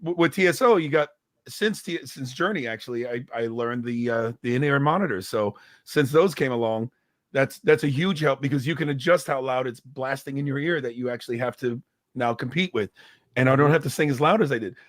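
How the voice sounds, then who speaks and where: A man's voice: medium pitch, fairly quick, no room sound, clean studio sound. A man in his fifties, a singer and guest, telling stories in a casual chat over a video call, often repeating words as he starts a thought. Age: 50s. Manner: animated storyteller, repeats words when starting.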